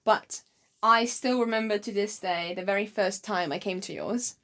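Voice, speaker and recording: A woman co-hosting a podcast in casual chat, animated, acting out quotes and laughing often. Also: mid-range voice, normal speed. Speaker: podcast co-host.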